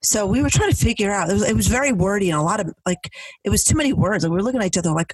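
A woman's voice: medium pitch, racing, husky, dry recording. A middle-aged woman co-hosting a podcast, telling stories in casual chat and acting out what people said. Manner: animated storyteller, acting out quotes. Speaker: podcast co-host. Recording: dry, mic a bit distant.

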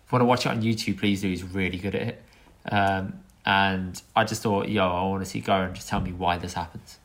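A man with a lowish voice co-hosts a laid-back podcast. He jokes easily and keeps the chat moving. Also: steady tone, fairly quick, a bit bright. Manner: joking, teasing interjections. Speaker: podcast co-host.

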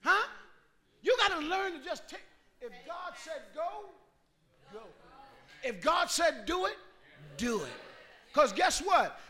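A man preaching with a strikingly high voice and a sharp, forceful edge. He swings from hollering to hushed pleading and keeps calling on his congregation to answer back. It is a sermon in full flow. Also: very animated, slow pace, long pauses. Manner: call-and-response with the congregation.

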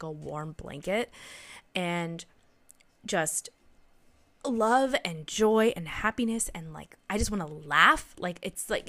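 Earnest emotional woman, spiritual monologue. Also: mid-range voice. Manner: emotional, earnest, rambling with many restarts. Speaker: psychic medium.

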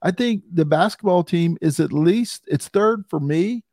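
A man hosting a casual sports talk podcast, chatty and quick to laugh. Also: sits high, a little mellow, no room sound, studio quality. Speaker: podcast host.

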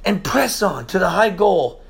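A man preaching an informal Bible-study sermon, swinging between loud exclamations and low, quiet murmurs. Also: big pitch swings, measured pace, creaky, breathy edge.

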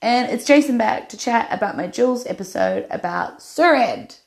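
A woman's voice: a little high, wildly swooping pitch, normal speed, gravelly, noisy background. Chatty New woman hosting a podcast. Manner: chatty, upbeat, uses "like" often. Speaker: podcast host. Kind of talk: casual chat. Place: bath.

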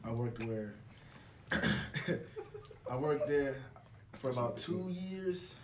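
A young man speaks at a mid pitch in an easygoing, rambling way, often adding "you know". He sits away from the mic in an echoey room, with clear noise behind him. The feel is a loose casual chat. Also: lively intonation, slow pace, recorded from a distance.

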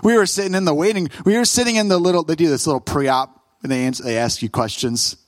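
The recording is dry as a man in his thirties, a pastor, preaches quickly in a high-leaning voice. His sermon takes the form of a humorous, conversational family anecdote, complete with lively voices for the quotes.

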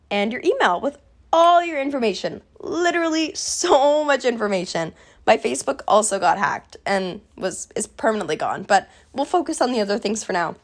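A young adult woman talking casually to camera in a vlog, chatty and candid, with plenty of fillers and some swearing. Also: medium pitch. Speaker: vlogger.

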